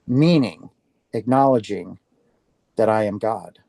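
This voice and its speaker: A man recounts his near-death experience to an audience in a mellow, warm voice. He tells it earnestly and acts out his own reactions along the way. The sound is close and dry, with no room around it. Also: medium pitch, measured pace, no room sound. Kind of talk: personal testimony talk to an audience.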